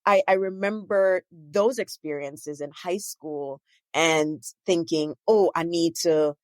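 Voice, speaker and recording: A woman's voice: fairly low pitch, slow, darkish tone, no echo. A woman hosting a podcast, talking in a chatty way with many asides. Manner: chatty, frequent "you know" and "right?". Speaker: podcast host. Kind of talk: casual podcast conversation.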